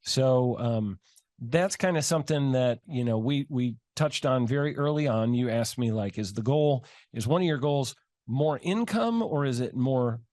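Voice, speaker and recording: A middle-aged man, a home builder and interview guest, answering in a relaxed, rambling way with many fillers. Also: mid-range voice, a little slow, no room sound, clean studio sound.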